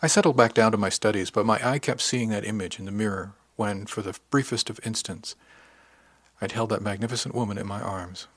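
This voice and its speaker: Male narrator, low voice, dry studio read, even wry storytelling. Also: no echo. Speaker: audiobook narrator. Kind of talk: first-person scripted narration.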